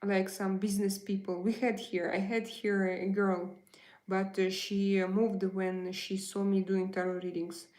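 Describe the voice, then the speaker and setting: A woman chats unhurriedly with her livestream viewers and answers their comments. She thinks aloud, repeating words and filling pauses. Her voice carries a noticeable echo from the room. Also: mid-range voice, flat delivery, darkish tone. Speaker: livestream host.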